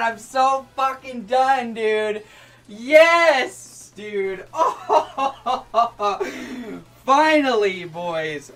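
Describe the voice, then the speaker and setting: A young man streaming a game, yelling and cursing with joy, his voice hoarse from shouting. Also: high voice, very animated, drawn-out words, soft background music. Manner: ecstatic shouting, cursing, repeated yells of yes. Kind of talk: live-stream game reaction.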